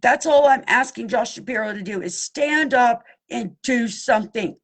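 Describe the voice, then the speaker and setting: A woman's voice: on the high side, moderate pace. A woman from Pennsylvania speaking straight to camera in a blunt, impassioned plea, cussing and addressing her listeners directly. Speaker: abuse survivor seeking justice.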